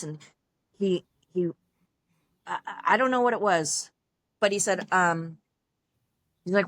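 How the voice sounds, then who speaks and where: A young adult woman tells her own story as a podcast guest, her voice sitting at a middle pitch. She bounces into the voices of the people she quotes and peppers her telling with fillers and laughter. The recording is dry, with no room sound around her. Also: unhurried, pauses often, no room sound. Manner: animated, acts out quoted dialogue, frequent laughs and fillers. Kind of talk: personal storytelling in an interview.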